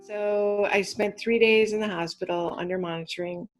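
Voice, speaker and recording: A middle-aged woman recounting her own experience in a casual interview, earnest and detailed, with quick bursts of speech. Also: medium pitch, steady tone, soft background music. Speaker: guest, cancer survivor.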